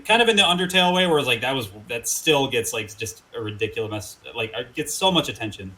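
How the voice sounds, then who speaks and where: A man talking as a guest in a casual interview, rambling with lots of fillers and animated quotes. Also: medium pitch, fast, rough recording. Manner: rambling, filler-heavy, animated when quoting people. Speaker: guest musician.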